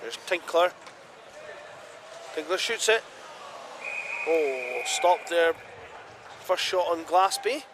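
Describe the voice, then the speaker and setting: A British man calls an ice hockey game play by play in a fairly high voice, snapping out names and plays. His calls leap into excited shouts whenever a chance comes. The feed carries clear background noise from the rink. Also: slow pace, pauses often. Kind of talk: live play-by-play commentary.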